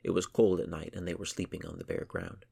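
A man reads a chapter of a story in steady, measured narration. His voice is very low and gravelly. A husky, rough grain runs through it. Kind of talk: scripted audiobook narration.

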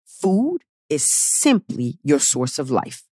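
A woman podcast host giving blunt, profane, animated coaching talk, acting out the inner voices of her listeners. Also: deep voice, slow pace, breathy edge, no echo, clean studio sound. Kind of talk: weight-loss coaching talk.

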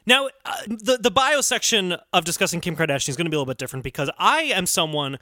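Lively high-voiced man hosting a podcast. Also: fast, no room sound, clean studio sound. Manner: playful, teasing, animated. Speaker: podcast host. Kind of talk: casual comedic podcast chat.

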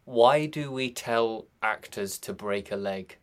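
An actor guesting on a podcast, polite and easygoing in brief replies. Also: male voice, medium pitch, takes it slowly, smooth. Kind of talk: casual podcast chat.

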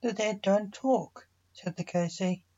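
A woman reading a fantasy story aloud, voicing all the characters in a mostly even narrating voice. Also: medium pitch, measured pace. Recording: muffled lo-fi recording.

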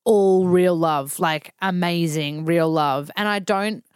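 Earnest Australian woman, smooth voice. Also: on the low side, takes it slowly, dry recording. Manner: warm, earnest and heartfelt, talks openly about feelings. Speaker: podcast guest. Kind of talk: casual chat.

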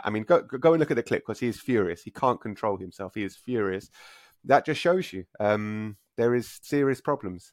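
A man co-hosting a casual football podcast, telling stories with lively delivery and frequent restarts. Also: on the low side, no room sound, studio quality. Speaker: podcast co-host and football pundit.

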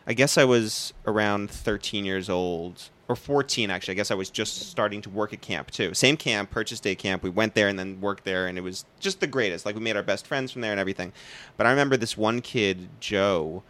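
A man's voice: on the low side, normal speed, fairly bright tone. A man co-hosting a podcast, asking questions and telling stories in an easygoing way, laughing often. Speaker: podcast co-host. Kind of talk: casual interview chat.

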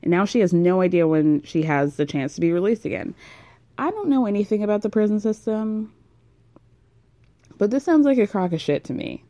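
Blunt, chatty woman with a mellow voice. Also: mid-range voice, lively intonation, normal speed, no echo. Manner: frank, swears freely, chatty with many fillers. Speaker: podcast host recapping a reality show. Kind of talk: casual recap monologue.

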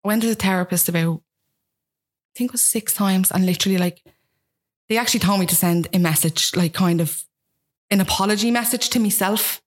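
Fast-talking Dublin woman, frank and self-mocking. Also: mid-range voice. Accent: Dublin Irish. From Ireland. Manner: rapid, frank, self-mocking, acts out quotes. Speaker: guest. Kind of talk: candid personal storytelling.

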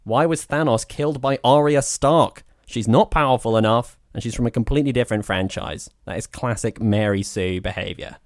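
Deadpan podcast co-host, dry sound. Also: male voice, mid-range voice, fairly quick, hardly any pauses, no room sound. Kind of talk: casual chat and scripted intro.

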